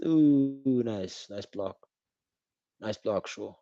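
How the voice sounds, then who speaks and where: A young man giving casual, slangy live reaction commentary while watching a football match, calling out the referee loudly. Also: medium pitch, a little slow, dry recording. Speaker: football watch-along streamer. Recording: dull, dry home stream audio.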